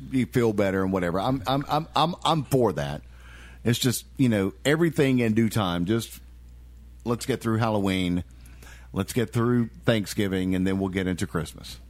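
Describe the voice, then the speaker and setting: A man's voice: fairly low pitch, lively intonation, moderate pace, darkish tone. A man hosting a casual podcast chat among friends, rambling and repeating words as he talks.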